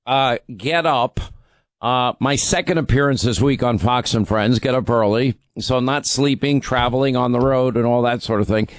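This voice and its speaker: Hoarse guy on talk radio, rambly, trips over his words, dry close sound. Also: mid-range voice, normal speed, no room sound. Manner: rambling, self-interrupting, stammers on restarts. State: hoarse, strained voice from overuse. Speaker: radio talk show host. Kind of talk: casual talk radio monologue.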